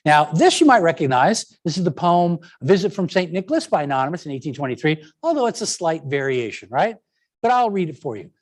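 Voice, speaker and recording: A man's voice: on the high side, a little fast. A man giving a lecture presentation on education and language, stressing words to make his points. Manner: animated, stresses words to demonstrate.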